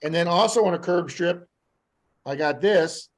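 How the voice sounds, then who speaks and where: Rambling, animated storyteller man. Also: high voice, normal speed. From Florida. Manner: rambling, animated anecdotes with acted-out quotes. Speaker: guest metal detectorist. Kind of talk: casual storytelling on a live podcast.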